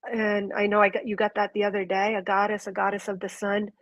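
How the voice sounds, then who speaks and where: A woman's voice: medium pitch, monotone, fast talker, no room sound, dull audio. A woman giving a live intuitive reading to a viewer, earnest and gushing, rambling through restarts. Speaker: intuitive reader.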